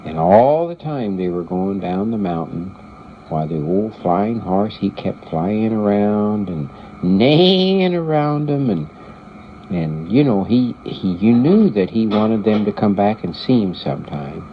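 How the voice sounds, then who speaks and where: An older man telling a children's story aloud in an unhurried, halting way, repeating words as he goes. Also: lowish voice, expressive. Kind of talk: oral storytelling. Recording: muffled recording with faint hiss.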